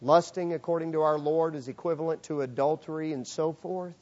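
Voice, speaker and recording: A man's voice: fairly high pitch, fairly even intonation, fairly quick, a little mellow, muffled recording. A man preaching a sermon, earnest and emphatic, repeating key phrases for weight. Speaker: pastor.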